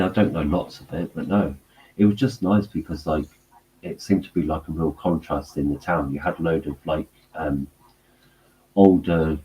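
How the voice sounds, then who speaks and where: Deep guy, casual co-host, rambles with lots of "um" and "like". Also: mellow, slight background noise, rough recording. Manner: rambling, halting, full of fillers. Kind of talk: casual chat.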